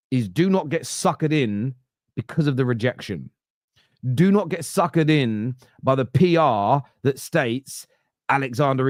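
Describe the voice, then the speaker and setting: A man's voice: mid-range voice, darkish tone, no echo, clean studio sound. A man hosting a fan podcast, ranting in an emphatic, sarcastic way. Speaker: podcast host. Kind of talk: opinionated fan podcast rant.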